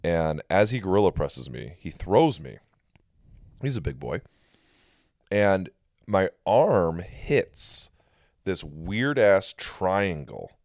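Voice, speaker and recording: A man with an extremely deep voice talks through a story in a casual podcast chat, getting animated and swearing freely as he goes. The sound is dry and close. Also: no room sound. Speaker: podcast host and pro wrestler.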